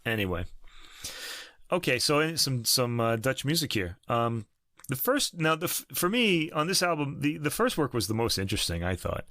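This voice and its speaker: A man's voice: medium pitch, sing-song, moderate pace, bright, forceful tone, dry recording. Rambling man in his fifties, dry sound. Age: 50s. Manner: rambling, self-correcting, chuckling. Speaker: podcast co-host. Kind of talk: casual chat about classical music.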